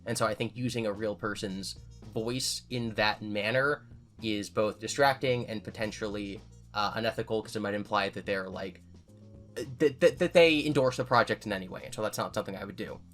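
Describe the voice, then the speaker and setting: A man's voice: lowish voice, fairly quick, a bit bright, faint music behind. A man giving casual commentary as a YouTuber, answering viewer comments in a candid, self-correcting way. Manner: candid, self-correcting, talks things through.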